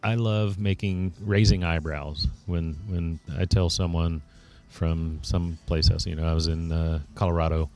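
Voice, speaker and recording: Man, very low voice, winemaker guest, earnest, lots of ums. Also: little pitch movement, darkish tone. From Fort Worth, Texas. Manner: earnest, halting, many ums. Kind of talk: casual interview chat.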